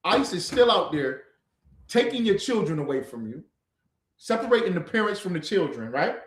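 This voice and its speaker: A man's voice: sits high, very animated, normal speed, echoey room. A man teaching a livestreamed scripture class, lecturing emphatically with rhetorical questions.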